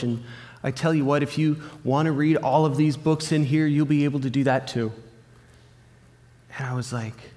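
Earnest man preaching in a reverberant hall. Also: mid-range voice. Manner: earnest storytelling, acting out remembered dialogue. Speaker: pastor. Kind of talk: sermon with personal story.

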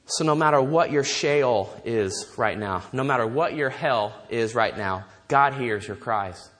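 A man preaching a sermon, animated, asking his listeners rhetorical questions. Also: mid-range voice, unhurried. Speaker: pastor.

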